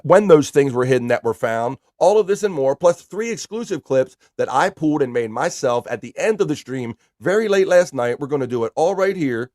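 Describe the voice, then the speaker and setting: A man's voice: mid-range voice, expressive, a little fast, hardly any pauses, a little mellow, dry recording, clean studio sound. Chatty man hosting a live stream. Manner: reads viewer chat aloud, upbeat and chatty. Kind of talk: casual chat.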